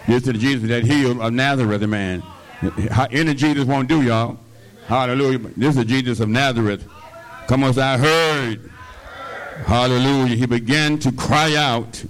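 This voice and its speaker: A man's voice: medium pitch, fairly even intonation, normal speed. An older man preaching a sermon, filling his lines with amens, hallelujahs and call-and-response, with a slight cough. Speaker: pastor.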